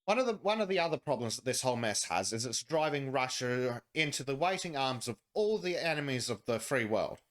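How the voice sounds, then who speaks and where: A man's voice: mid-range voice, lively intonation, brisk, hardly any pauses, fairly bright tone. A man hosting a podcast, reading chat comments aloud and mocking the news with sardonic, profane commentary. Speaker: podcast host. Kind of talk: casual political chat.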